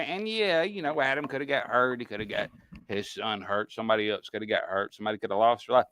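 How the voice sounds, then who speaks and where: A man's voice: on the low side, quick pace, fairly bright tone, no room sound, studio quality. A man hosting a casual commentary podcast, talking in a sarcastic, mocking way with rambling restarts. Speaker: podcast host.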